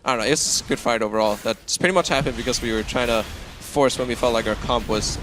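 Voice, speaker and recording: A man's voice: mid-range voice, fast talker, over music. A man answering post-match interview questions as a pro gamer, recounting plays in a candid, upbeat way.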